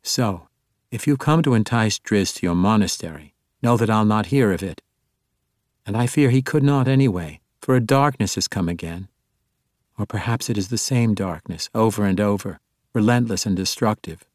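A man voicing a calm, firm young heroine. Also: lowish voice, normal speed, no room sound, clean studio sound, natural voice. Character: pregnant young woman, strong and guarded.

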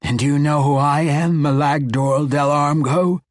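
A man's voice: a little high, steady tone, unhurried, dry recording, studio quality, pitched above the performer's own voice, natural voice. A man voicing a huge six-armed female snake demon in an audiobook, with a purring, mocking delivery. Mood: mocking menace. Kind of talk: audiobook character voice.

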